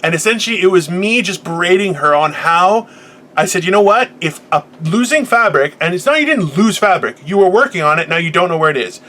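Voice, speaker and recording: A man in his forties co-hosting a podcast, telling a profane story in an animated casual rant with sudden loud outbursts. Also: high-pitched, a little fast. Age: 40s. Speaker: podcast co-host.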